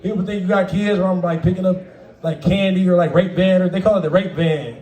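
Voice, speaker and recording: Brief: high-pitched male stand-up comic, profane and laughing, recorded from a distance. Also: steady tone, brisk, mellow, echoey room. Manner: profane, laughing, acts out quoted voices. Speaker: stand-up comedian. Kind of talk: stand-up comedy set. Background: audience laughter.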